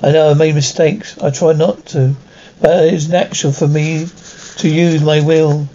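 A man playing a troubled young mutant who talks in a halting, questioning way in an archive radio drama. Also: on the high side, little pitch movement, dark tone, lo-fi sound, slight background noise, lightly acted. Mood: brooding.

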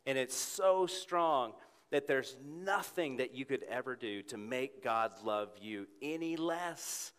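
A man preaching a sermon in church, earnest, rising to emphatic peaks and dropping to a soft hush. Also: medium pitch, animated, slow, clean tone. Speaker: pastor. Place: church sanctuary with congregation. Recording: long hall reverb.

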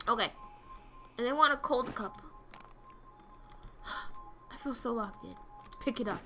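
A woman's voice: a little high, normal speed, pauses often, faint music behind. A woman streaming a game, chatting casually, reading orders aloud and swearing when things go wrong. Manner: excitable, swears, reads game dialogue aloud. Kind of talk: casual gameplay commentary.

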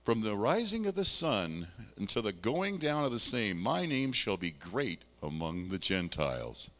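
A male pastor preaching with a lively, swinging pitch. He talks to the congregation in a folksy, conversational way, mixing scripture reading with homely asides. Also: a little slow, in a large hall. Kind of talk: sermon.

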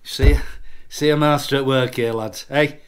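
A man's voice: mid-range voice, steady tone, unhurried, clear, resonant tone. A tipsy man hosting a casual product review, boisterous and jokey, swearing freely as he chats. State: tipsy from drinking. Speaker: snuff reviewer, channel host.

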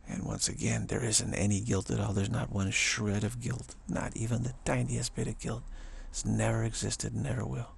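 Male spiritual teacher, casual talk; deep, gravelly, very husky voice, musing, repeats himself, outdoors. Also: flat delivery, normal speed, hardly any pauses. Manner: musing, repeats words, acts out quoted voices. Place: outdoors in the evening.

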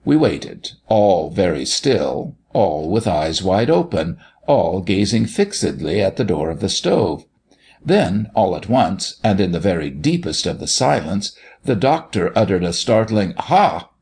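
Gravelly low male storyteller. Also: sing-song, a little slow, a little mellow. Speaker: audiobook reader. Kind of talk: storybook narration.

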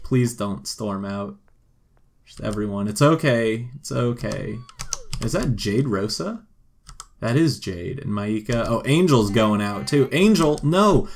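A man giving casual, joking gameplay commentary and talking to the game characters as he plays. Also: mid-range voice. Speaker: gameplay video host.

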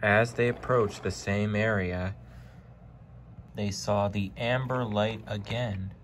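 A man narrating a children's train story in a deliberate storytelling manner. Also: lowish voice, steady tone, a little hiss or hum.

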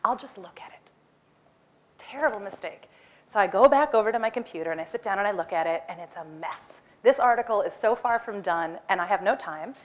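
Woman, forties, stage talk, lively storytelling, acts out her own lines. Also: mid-range voice, quick pace. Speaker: speaker. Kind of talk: animated personal storytelling talk.

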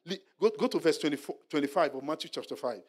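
A male pastor leading a Bible study sermon, animated and exhorting, repeating his points and dropping to a hushed murmur for soft asides. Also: a little high, quick pace, breathy edge. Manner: animated preaching, drops to a hushed murmur when acting out apologies; repetitive, exhorting. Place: church hall.

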